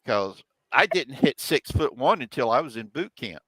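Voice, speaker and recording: A middle-aged man hosts a casual chat and tells a long personal story with animated energy, acting out what the other people said. His voice sits at an average pitch with a bright, forceful edge. The sound is dry and close to the mic. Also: normal speed, no echo, poor audio. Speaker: host.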